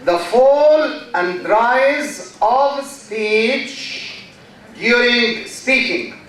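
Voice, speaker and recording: A man's voice: high voice, a bit bright. A man with an Egyptian accent giving a university lecture in English, drawing out words for emphasis and repeating example sentences. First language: Arabic. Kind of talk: classroom lecture. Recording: echoey hall, mic far off.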